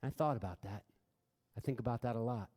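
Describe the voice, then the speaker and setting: A man giving an impassioned talk to an audience in a large room. He tells stories earnestly, building to loud, emphatic bursts and then dropping quiet. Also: mid-range voice, brisk. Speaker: speaker addressing an audience. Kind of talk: impassioned public talk with storytelling. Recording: reverberant hall sound.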